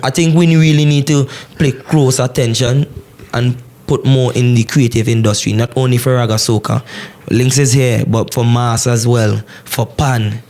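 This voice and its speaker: A man's voice: medium pitch, fairly even intonation, moderate pace, a little mellow. A man, a soca and calypso singer, making an earnest and repetitive appeal to the camera on a TV music show. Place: television music show stage. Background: live band music.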